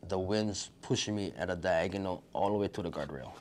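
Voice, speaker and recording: A middle-aged man, his voice sitting on the low side. He recounts his story as a vivid present-tense retelling and acts out the dialogue. A faint noise sits under his voice. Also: fairly quick. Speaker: wildfire survivor. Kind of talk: personal storytelling.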